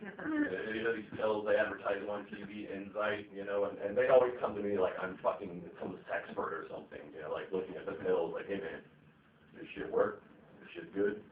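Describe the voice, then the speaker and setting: A male stand-up comedian with a lowish, sing-song voice moves at a fairly quick clip through a rambling, profane set with lots of fillers. The recording, made live at a comedy venue stage, sounds echoey, tinny, and far off.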